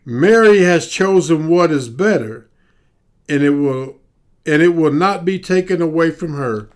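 A man pastor preaching a podcast sermon, building emphasis through repetition and dropping to a soft, low voice for prayer. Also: animated, a little slow.

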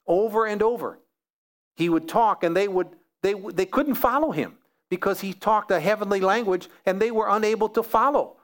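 A man's voice: high voice, moderate pace. Man preaching with repeated emphasis. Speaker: pastor. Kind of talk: sermon.

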